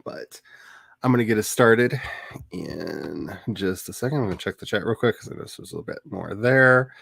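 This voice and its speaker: A middle-aged man hosting a writing livestream, chatty and animated, with quick laughs and dramatic asides. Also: lowish voice, gravelly, dry recording. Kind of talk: casual livestream chat.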